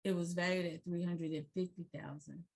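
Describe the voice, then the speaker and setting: A middle-aged woman, a pastor and investor, telling her story in an interview with fervent preacher-like delivery, quoting scripture and building up to shouts. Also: lowish voice, fairly even intonation, fairly quick.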